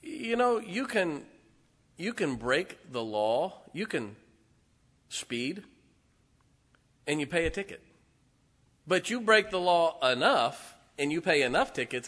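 A man's voice: mid-range voice, a bit bright, in a large hall. A man preaching a conversational sermon as pastor, folksy and joking with his congregation. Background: congregation responding.

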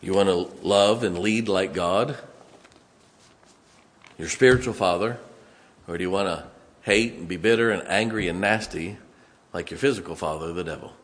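A man preaching a sermon in a church, emphatic, swinging from loud to hushed. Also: deep voice, moderate pace, pauses often.

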